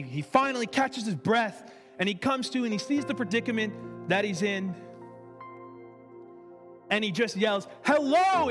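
A man's voice: sits high, a bit bright. A man preaching a sermon in a church in a casual, conversational way, repeating himself for emphasis. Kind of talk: sermon with storytelling. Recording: reverberant hall with faint music.

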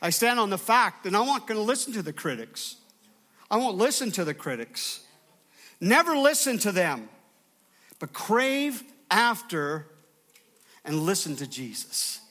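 A man's voice: high-pitched, very animated, a little slow, pauses often, sharp tone. A man preaching a sermon as pastor, emphatic and calling out to his congregation for response.

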